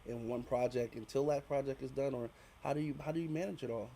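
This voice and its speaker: A man hosting a podcast, asking an actress questions in a halting way, often repeating words as he builds up the question. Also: mid-range voice, gravelly, dark tone. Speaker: podcast host. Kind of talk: casual interview questions.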